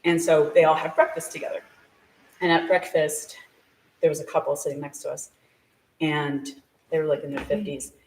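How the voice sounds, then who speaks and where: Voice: mid-range voice, level tone, moderate pace, long pauses, a little mellow, a little hiss or hum. Chatty storyteller in an echoey shop. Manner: chatty, filler-heavy with frequent "like"; laughs often while telling the story. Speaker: guest sharing a story. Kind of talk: casual live storytelling. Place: small shop hosting a live event. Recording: echoey room, voice from a distance.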